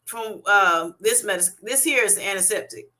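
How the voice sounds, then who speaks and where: Bright-voiced woman hosting a laughing live chat. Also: mid-range voice, moderate pace. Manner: animated, laughing often, reading chat comments aloud. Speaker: livestream host. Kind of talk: casual livestream chat. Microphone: webcam or streaming setup.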